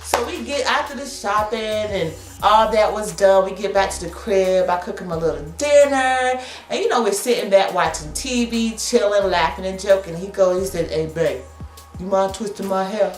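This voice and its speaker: A woman in her thirties telling a story to camera in a slangy, animated way, laughing often. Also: medium pitch, moderate pace, echoey room, soft background music. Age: 30s. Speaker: vlogger. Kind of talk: casual storytelling.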